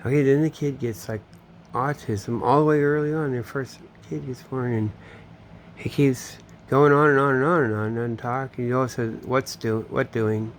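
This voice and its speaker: A man's voice: medium pitch, steady tone, normal speed, slight background noise. A man telling a long, meandering personal story, swearing often and trailing off mid-sentence. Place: home in Florida.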